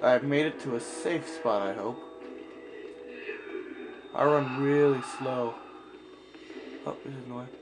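Young man gamer, unhurried, nervous yelps, noisy background. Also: medium pitch, fairly even intonation. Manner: nervous, reacting with yelps and panic. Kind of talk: let's play commentary.

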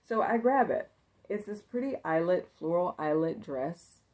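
In a relaxed haul video, a woman whose voice is fairly low, dark in tone, animated and a little slow shows thrifted pieces she intends to resell. She's cheerful, full of fillers, and thinks aloud as she goes.

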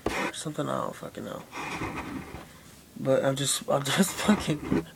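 A man's voice: mid-range voice, a little slow, creaky, heavy background noise. A young man rambling casually and profanely to his camera, with lots of fillers. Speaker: vlogger. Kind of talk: casual vlog chat.

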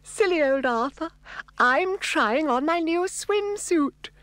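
A man voicing a vain, flighty young female fairy in a high, shrill, dismissive voice for a storybook record. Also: expressive, slow, a bit bright, dry recording, full character voice. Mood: chirpy.

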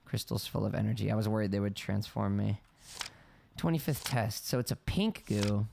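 A man doing excitable let's play commentary, shrieking high in panic, then rambling, joking and reading game text aloud. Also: normal speed, gravelly. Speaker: gameplay streamer. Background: game music.

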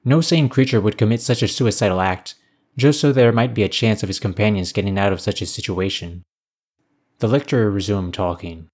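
A man narrating a science fiction story in a measured, even storytelling manner. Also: fairly low pitch.

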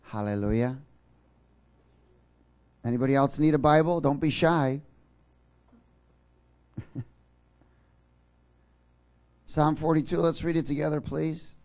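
A man preaching a sermon in church, joking with the congregation and then building to fervent, shouted passion. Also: on the high side, slow pace, pauses often. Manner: jokey, rising to fervent shouting. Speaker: pastor.

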